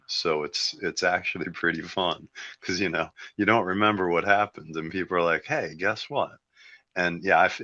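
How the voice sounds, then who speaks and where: A very low-voiced man tells his story in a loose podcast chat, laughing often and joking at his own expense. The audio sounds dry and a little dull. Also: bright, forceful tone, no room sound. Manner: laughing, self-mocking storytelling. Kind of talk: casual storytelling.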